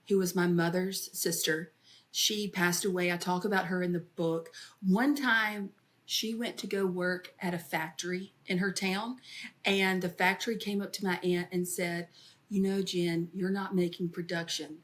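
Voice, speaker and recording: A woman comedian and author, telling stories in an interview and slipping into voices when she quotes family. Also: on the low side. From American South. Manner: storytelling, animated when quoting family. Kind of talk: interview conversation.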